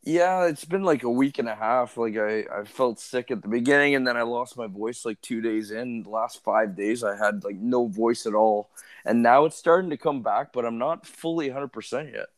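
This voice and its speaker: A man co-hosting a podcast, hoarse as his voice comes back after being sick, talking in a laid-back, profane way. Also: medium pitch, moderate pace. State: hoarse, voice still recovering from illness. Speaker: podcast co-host. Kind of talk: crude casual chat.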